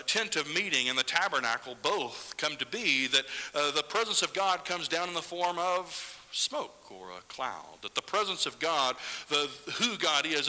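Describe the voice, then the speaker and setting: A man preaching a sermon in a church, animated and sometimes dropping to a hushed whisper for emphasis. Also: a little high, long reverb tail, poor audio. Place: church sanctuary.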